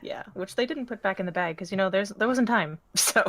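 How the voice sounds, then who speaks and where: A woman playing a tabletop game, lively and giggly as she describes her character. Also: mid-range voice, fairly quick. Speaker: player. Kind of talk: tabletop role-play.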